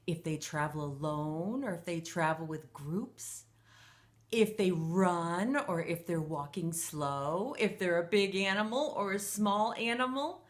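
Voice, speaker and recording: With a lowish voice, a woman teacher animatedly reads a picture book to children, asking them questions as the story goes on.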